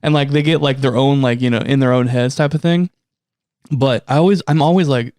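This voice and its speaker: A man's voice: medium pitch, a little fast, no echo. American man, casual podcast chat, laughs a lot, close dry mic. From United States. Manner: laughs often, animated storytelling. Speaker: podcast co-host.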